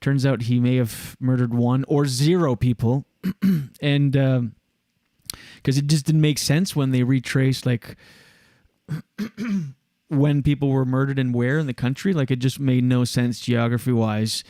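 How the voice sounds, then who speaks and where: A man's voice: medium pitch, measured pace, dark tone, no room sound. Rambling male podcast host. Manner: rambling storyteller, lots of fillers. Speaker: show host. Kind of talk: casual podcast chat.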